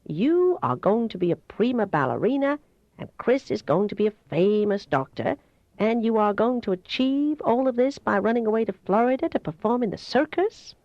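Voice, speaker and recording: A woman reading as a kind male doctor with a soft, melodious voice, a slight Southern accent and a calm, coaxing manner. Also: on the high side, normal speed, no echo, pitched above the performer's own voice. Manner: calm, coaxing, gently teasing. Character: kind older male doctor, gentle and persuasive. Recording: dull, dry home recording.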